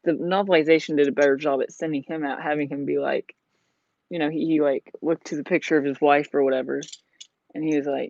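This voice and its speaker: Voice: medium pitch, fairly even intonation, brisk, vocal fry, darkish tone, dry recording. A vlogger chatting casually while building a model, rambling with lots of "like" and "you know.". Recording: dull lo-fi sound.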